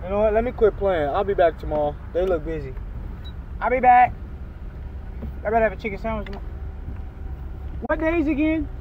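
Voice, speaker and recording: High-voiced young man ranting in a car. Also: fairly quick, pauses often, muffled recording, a little hiss or hum. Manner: loud, exasperated, swearing, shifts pitch often. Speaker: vlogger. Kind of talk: casual vlog rant. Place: in a car in a drive-thru line.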